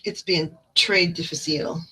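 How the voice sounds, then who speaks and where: A woman's voice: fairly low pitch, steady tone, moderate pace, bright, forceful tone, breathy edge, low-quality recording. A woman with a Midwestern accent, hosting a livestream as a card reader, chatty and digressive as she reads the chat aloud. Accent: Midwestern American. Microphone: phone.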